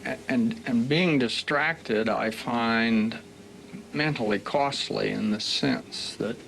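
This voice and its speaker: A man's voice: mid-range voice, takes it slowly, creaky, fairly bright tone. An older man in an interview, speaking in a thoughtful and hesitant way. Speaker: economist, interviewee. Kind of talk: interview talk. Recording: noisy interview audio.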